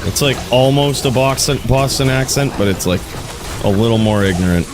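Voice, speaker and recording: A man's voice: medium pitch, moderate pace, heavy background noise. A man streaming a video game, chatting casually with viewers, laid-back and swearing freely. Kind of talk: casual gaming commentary.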